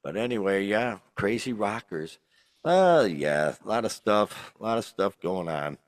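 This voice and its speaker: A man's voice: fairly low pitch, animated, unhurried, no room sound. A tipsy man co-hosting a podcast, talking loosely and rambling with frequent laughs. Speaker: podcast co-host. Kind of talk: casual chat.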